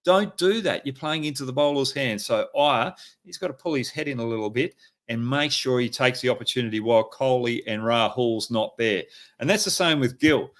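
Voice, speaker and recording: A man's voice: medium pitch, fairly quick, fairly bright tone. A middle-aged Australian man hosting a live show, giving emphatic, coaching-style analysis with frequent fillers. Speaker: host.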